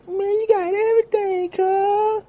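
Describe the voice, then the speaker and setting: Pestering little boy cousin, squeaky and pleading. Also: flat delivery, a little slow, warm tone. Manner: begging, repeats "cuz" constantly.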